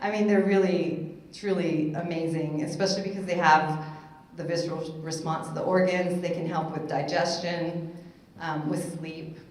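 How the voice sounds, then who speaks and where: A chatty, upbeat woman personal trainer talks on a panel at a summit, laughing at her own jokes. Her voice sits a little low, and the echo of a large hall hangs around every word. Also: a little mellow, a little hiss or hum. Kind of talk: casual panel talk.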